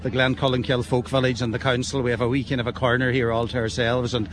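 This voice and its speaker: A man in his fifties with an Irish accent, a council official giving an interview outdoors with fluent, measured answers. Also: mid-range voice, little pitch movement, slight background noise. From born in London, raised in Ireland. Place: outdoor show ground.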